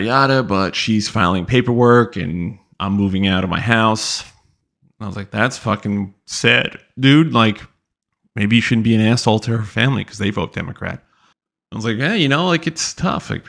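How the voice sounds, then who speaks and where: A man's voice: on the low side, creaky, a bit bright. A young man hosting a podcast, casually telling a long story in a rambling, profane, exasperated way. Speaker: podcast host.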